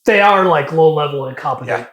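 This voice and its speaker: Man co-host, agreeable, chimes in, slightly high voice, roomy echo. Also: animated, brisk, fairly bright tone. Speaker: podcast co-host. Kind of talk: casual film discussion. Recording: echoey room.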